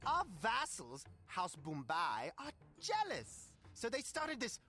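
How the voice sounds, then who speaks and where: A woman's voice: a little high, wildly swooping pitch, takes it slowly, bright, forceful tone, exaggerated voice. An actress voicing a cocky, dismissive male cat chairman with a sarcastic, deal-making manner, over faint game music. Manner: sarcastic, dismissive, wheeling-dealing.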